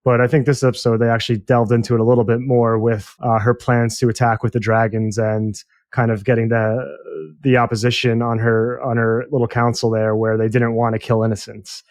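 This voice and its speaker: A man with a mid-range voice co-hosts a casual podcast review. He speaks thoughtfully and in a measured way, now and then restarting a phrase. The recording is dry, with no echo around him. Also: mid-range voice, little pitch movement, a little mellow. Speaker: podcast co-host.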